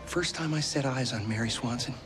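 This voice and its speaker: A man's voice: medium pitch, fairly quick, over music, close to an everyday voice. An actor playing a goofy, dim-witted, lovestruck young man in a film comedy, with a nasal voice. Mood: dreamy.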